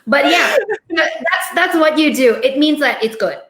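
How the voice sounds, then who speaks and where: A woman's voice: high-pitched, animated, unhurried, a bit bright. Woman chatting in english, echoey room, giggly, stops and restarts. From Thailand. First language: Thai. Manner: laughs often, hesitant restarts. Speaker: host. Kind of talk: casual live chat.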